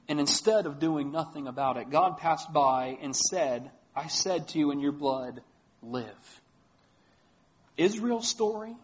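A pastor with a northern US accent preaching a sermon in an earnest, emphatic way, reading scripture aloud. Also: male voice, on the high side, dull audio.

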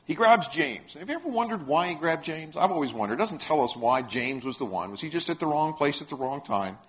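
A man's voice: fairly high pitch, big pitch swings, a little fast, a bit bright. A man preaching a sermon, retelling stories and putting questions to the congregation. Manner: storytelling, asks the congregation questions. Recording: dull lo-fi sound.

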